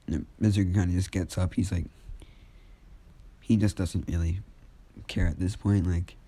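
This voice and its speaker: A man's voice: low voice, steady tone, moderate pace, pauses often, warm tone. A young man casually retelling a fan story, rambling with lots of fillers and restarts.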